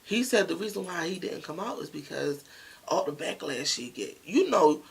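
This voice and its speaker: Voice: medium pitch, animated, moderate pace, vocal fry, breathy edge, low-quality recording. A vlogger telling a story in a casual, chatty way, speaking straight to the viewers.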